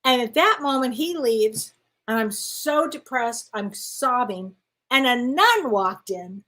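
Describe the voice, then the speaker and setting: In a casual conversation, this woman guest animatedly recounts her story, acting out voices and laughing a lot. She speaks on the high side and takes it slowly.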